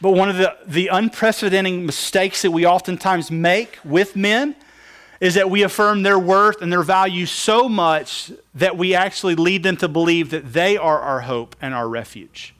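High-voiced preaching man. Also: normal speed, fairly bright tone. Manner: preaching with call-and-response questions, emphatic. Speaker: pastor. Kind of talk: sermon.

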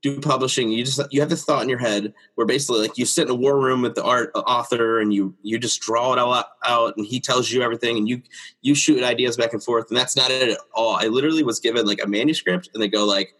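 A man in his thirties, a children's book illustrator, chatting as an interview guest and acting out quotes in a high voice with frequent laughs. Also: fast talker. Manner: animated storyteller, acts out quotes in a high voice, laughs often. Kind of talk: casual interview chat.

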